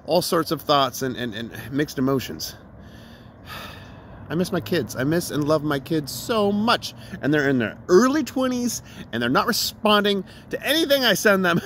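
A man's voice: on the high side, a bit bright, slight background noise. A man in his forties talking in a casual, rambling vlog monologue, emotional and laughing through sadness. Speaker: vlogger.

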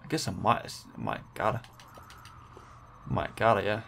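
Excitable young man commentating his gameplay. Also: fairly low pitch, normal speed, gravelly, a little hiss or hum. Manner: excitable, pleading and groaning at the game. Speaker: gaming channel host.

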